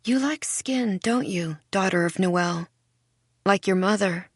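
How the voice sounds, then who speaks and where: A woman voicing an eerie, cold young girl who speaks softly, smiling and half-whispering. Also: medium pitch, slow, breathy edge, no echo, studio quality. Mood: teasing.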